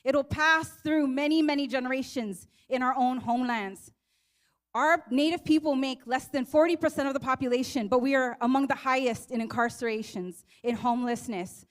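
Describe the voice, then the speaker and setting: High-voiced woman giving an impassioned speech. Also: normal speed. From Guam. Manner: impassioned, earnest. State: emotional, near tears. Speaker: activist speaker. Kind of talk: rally speech. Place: teach-in event hall.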